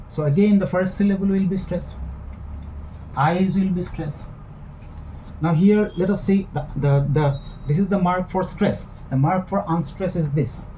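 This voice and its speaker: A man's voice: sits high, a little slow, warm tone, a little hiss or hum, rough recording. A man teaching a recorded lecture, explaining step by step with frequent fillers and restarts.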